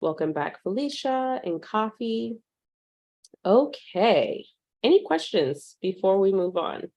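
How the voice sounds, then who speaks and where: A woman teaching a live virtual class, warmly greeting attendees by name and speaking with frequent ums. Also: medium pitch, big pitch swings, takes it slowly, highs cut off. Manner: uses fillers like um. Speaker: online course instructor.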